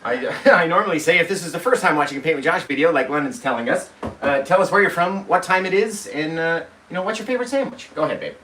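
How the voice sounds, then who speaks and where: A man's voice: on the high side, animated, fast talker, pushed and bright. A man hosting a live painting tutorial, chatty and upbeat, walking viewers through each step. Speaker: painting instructor. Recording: roomy, distant mic, faint noise.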